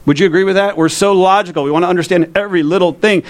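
A man's voice: high voice, rapid-fire. A man preaching a sermon to his congregation in a church, in a conversational way, often asking the listeners questions. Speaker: pastor.

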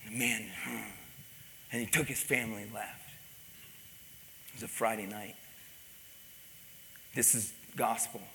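Male preacher, sharp bright tone, animated storytelling, echoing church hall. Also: fairly low pitch, a little slow, gravelly, long pauses, slight background noise. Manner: animated, repeats words, drops to quiet intense tones. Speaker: pastor. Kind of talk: sermon storytelling. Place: church sanctuary. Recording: long reverb in a large hall.

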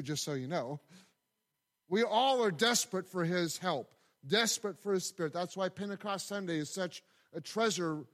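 Male pastor, mid-high voice, chatty storytelling sermon delivery. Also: a bit bright. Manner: conversational, storytelling with asides and repetitions.

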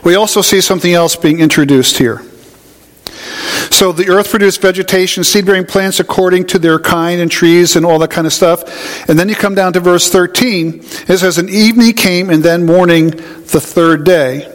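A man's voice: high voice, fairly even intonation, moderate pace, big-room sound. A man preaching a sermon in a conversational, folksy way, telling homey stories. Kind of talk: sermon teaching.

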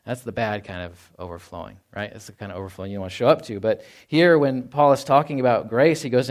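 A middle-aged man from Texas preaching a sermon in a conversational way, often asking "right?" and acting out quoted lines in a low, quiet voice. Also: fast. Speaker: pastor.

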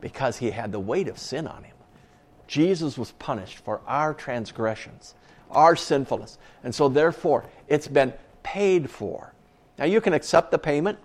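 A man's voice: fairly high pitch, a little mellow. A man preaching a sermon as pastor, earnest and conversational, with casual asides to the congregation.

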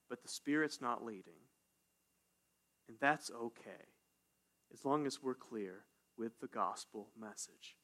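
Lively pastor preaching, bright voice. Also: male voice, mid-range voice. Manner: animated, call-and-response, says "right?" often. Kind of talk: sermon.

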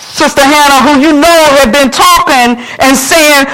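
A woman's voice: sits high, lively intonation, moderate pace, hardly any pauses, poor audio. A woman pastor preaching a sermon fervently, speaking straight to her congregation.

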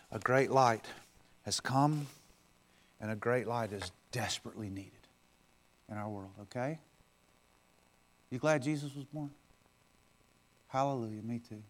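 A man pastor preaching a sermon, swinging from loud, forceful declarations down to a soft, intimate appeal. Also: medium pitch. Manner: preaches with loud swells, then drops to soft, close talk.

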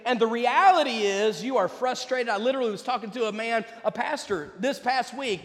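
High-voiced man preaching in a reverberant hall. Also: brisk, a bit bright. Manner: conversational, addresses the congregation directly. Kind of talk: sermon.

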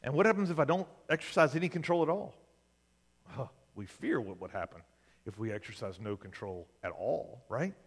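A man's voice: mid-range voice, expressive, brisk, husky, in a large hall. A male pastor preaching a sermon in a conversational way, often asking the congregation "right?".

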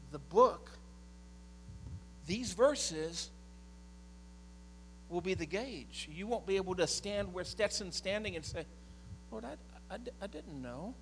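A middle-aged man preaching a sermon as a pastor, swinging from impassioned shouting to quiet storytelling. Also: sits high, slight background noise.

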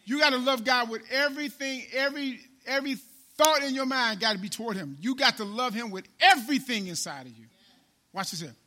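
A man preaching a sermon in call-and-response style. He repeats his phrases and swings between loud and soft. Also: extremely high pitch, a little fast.

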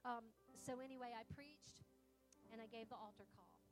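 A woman preaches a lively testimony, her fairly high voice sinking to hushed asides and climbing to near shouts. Music plays clearly underneath her sermon. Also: moderate pace. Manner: animated storytelling, swings from hushed to shouting.

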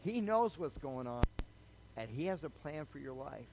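A man's voice: a little high, sing-song, normal speed, a little mellow, a little hiss or hum, rough recording. An older man preaching a sermon in a chatty way, telling his own story and often checking in with the listeners. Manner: conversational, storytelling, asks the crowd "okay?". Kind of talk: sermon with personal testimony.

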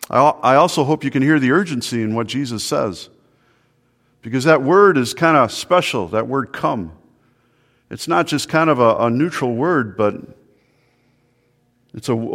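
A man's voice: medium pitch, expressive, moderate pace. A male pastor preaching an earnest sermon, often repeating words and asking the listeners questions. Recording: long hall reverb.

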